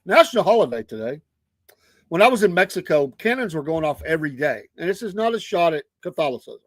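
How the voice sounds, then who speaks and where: A man's voice: a little high, big pitch swings, fast talker, no echo. A middle-aged man, hosting a casual livestream and telling stories with frequent laughter. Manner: chatty, laughs often. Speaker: host.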